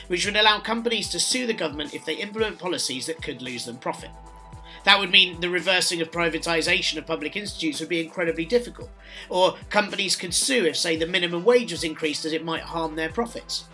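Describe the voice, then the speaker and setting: Sardonic British man with a bright voice. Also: on the high side. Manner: sardonic, dry mocking delivery. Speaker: satirical news presenter. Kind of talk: scripted satirical monologue.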